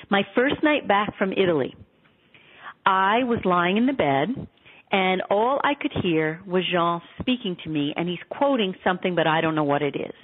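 A woman author telling stories in an earnest, animated way in a radio interview. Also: medium pitch, husky. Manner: earnest, animated storytelling with quoted dialogue. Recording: tinny phone line.

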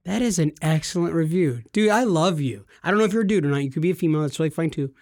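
A man with a somewhat high voice jokes and hypes his co-host on a gaming podcast. He sounds eager and teasing, recorded close and dry. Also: racing, darkish tone, no echo. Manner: playful, teasing, enthusiastic. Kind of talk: casual podcast chat.

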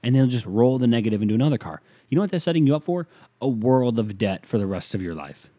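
A young man hosting a solo podcast, rambling casually, swearing often and mumbling asides in a deadpan way. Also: medium pitch, fast talker, dry recording. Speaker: podcast host.

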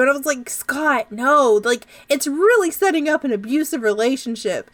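A young woman co-hosting a podcast, casually recapping a movie in an animated, sarcastic way and swearing freely. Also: sits high, moderate pace, hardly any pauses. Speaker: podcast co-host.

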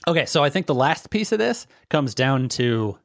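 A man's voice: medium pitch, sing-song, normal speed, vocal fry, dry recording, studio quality. A man co-hosting a podcast, explaining technology in loose, casual talk full of fillers. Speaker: podcast co-host. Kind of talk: casual tech chat.

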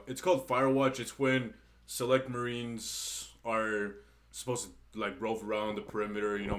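A man's voice: on the low side, fairly bright tone. A young man, a podcast co-host, telling a story in a casual, profane way.

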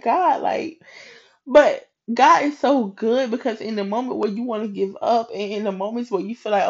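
A woman hosting a podcast, telling a personal faith story in a chatty, animated way and acting out what people said. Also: medium pitch, moderate pace, vocal fry, dull audio. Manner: animated and chatty, slips into quoted voices, laughs. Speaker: podcast host. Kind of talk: casual faith storytelling monologue.

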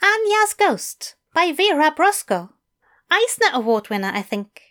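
A woman reads aloud as a fussy, eager male English teacher, giving him a full character voice that's high, bright, lilting and sing-song. His speech is prim, formal and effusive, a little slow, with pitch swooping up and down enthusiastically.

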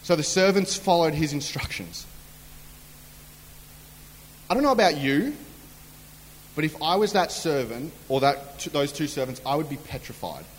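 A man's voice: on the high side, lively intonation, moderate pace, long pauses, slightly rough. A man preaching a humorous sermon in a chatty storytelling way, acting out quotes. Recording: long hall reverb.

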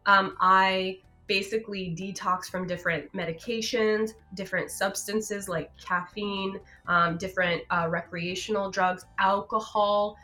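Bright-voiced woman doctor explaining health. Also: medium pitch, steady tone, unhurried, few pauses, soft background music. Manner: chatty and explanatory, laughs easily, many fillers. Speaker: naturopathic doctor guest. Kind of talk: casual health talk on a live show.

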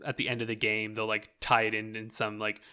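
A man's voice: lowish voice, completely flat delivery, brisk, sharp tone, clean tone. A young man chatting casually as a podcast co-host, rambling with lots of "like" fillers. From rural Canada. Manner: rambling, full of "like" fillers, laughs often. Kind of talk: casual chat about video games.

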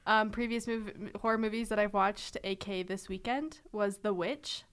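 A young woman co-hosting a podcast, chatting casually with dry deadpan humor. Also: mid-range voice, moderate pace, clear, resonant tone. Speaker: podcast co-host. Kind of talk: casual chat.

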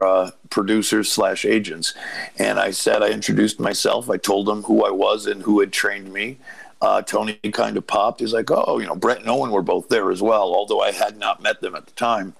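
A gravelly, creaky man in his fifties, a native Portuguese speaker, tells a long rambling tale as an interview guest. His voice sits a little low, and his delivery is full of fillers and asides. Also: steady tone, normal speed, rough recording. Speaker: guest, former wrestler. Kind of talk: casual storytelling.

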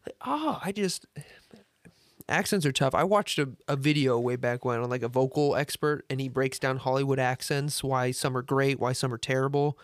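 Male co-host, mid-pitched, rambling exasperated critic, dry close recording. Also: normal speed, no room sound. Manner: rambling, exasperated, many restarts. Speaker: podcast co-host. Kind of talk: casual movie review chat.

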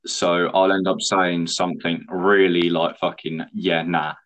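Young man, lowish voice, casual and blunt, swears a lot, laughs easily. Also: flat delivery, a little slow, fairly bright tone. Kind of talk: casual chat.

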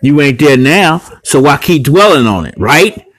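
A man's voice: fairly high pitch, animated, normal speed, a bit bright, dry recording. Man, blunt foul-mouthed vlogger; scattered rant, dead-dry recording. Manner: heavy cursing, blunt, scattered. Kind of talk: rambling profane rant to camera.

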